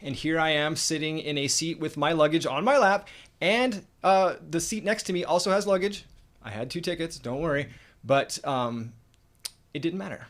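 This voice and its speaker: A man's voice: a little high, normal speed, a bit bright. A man from the United States co-hosting a casual livestream chat, telling stories in an easygoing, joking way and thanking viewers. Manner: easygoing, joking storyteller, reads viewer comments. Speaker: co-host.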